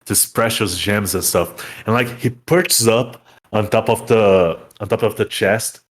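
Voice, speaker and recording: A man's voice: lowish voice, measured pace. A young man running a tabletop game as dungeon master, describing scenes in a rambling way full of fillers.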